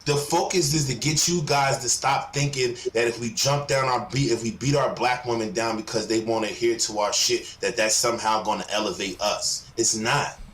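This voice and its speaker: A man's voice: medium pitch, moderate pace, hardly any pauses, fairly bright tone. A man speaking as a panel guest, emphatic and profane, lecturing. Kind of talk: heated panel talk. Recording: roomy echo, faint background noise.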